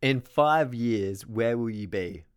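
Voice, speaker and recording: A man interviewing a teenager in a casual chat, upbeat with quick reactions. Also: mid-range voice, animated, clean tone.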